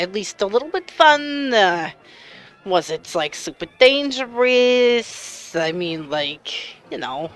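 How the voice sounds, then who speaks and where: A woman's voice: mid-range voice, lively intonation, slow pace, a bit bright, faint music behind. A woman player asking questions in character at a tabletop game. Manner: curious, questioning. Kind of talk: in-character tabletop role-play.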